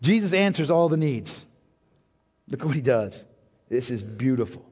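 A man preaching a sermon as pastor, impassioned, swinging from hushed tones to near-shouting and calling his listeners beloved. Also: medium pitch, big pitch swings, unhurried, husky. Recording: long reverb of a large hall.

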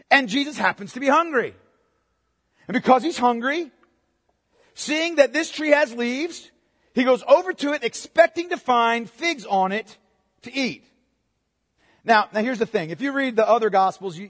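A male pastor preaching a sermon in a church, with a conversational manner and frequent "okay?" check-ins to the congregation. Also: extremely high pitch. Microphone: microphone. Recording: long hall reverb.

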